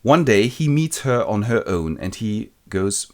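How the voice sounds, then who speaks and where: A man retelling a classic novel as a quick comic summary, casual and irreverent. His pitch swings widely, animated from phrase to phrase. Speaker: narrator.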